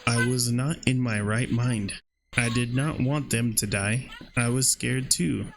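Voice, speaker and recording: Fields: man reading as a doll holding a murderer's remorseful spirit, gravelly, slow. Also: medium pitch, steady tone, music in the background. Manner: slow, repetitive apologies.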